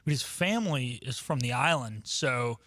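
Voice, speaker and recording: A man's voice: medium pitch, animated, moderate pace, a bit bright, no echo, studio quality. A young man hosting a casual sports talk radio show, chatty, with frequent ums and uhs.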